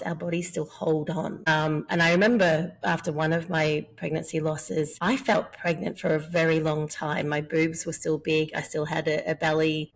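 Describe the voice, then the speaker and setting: A woman's voice: fairly low pitch, breathy edge. A woman guest in a conversational interview, a fertility mentor speaking in an earnest, heartfelt way. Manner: earnest, heartfelt, slow in places.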